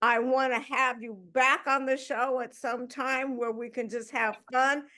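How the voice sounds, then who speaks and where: A woman hosting a talk show, enthusiastic and quick to laugh with her guest. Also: high voice, level tone, sharp tone. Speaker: host. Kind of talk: casual chat.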